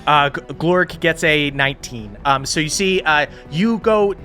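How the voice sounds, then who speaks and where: A man narrating a tabletop game as game master, casual and energetic, with many fillers. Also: fairly high pitch, unhurried, faint music behind.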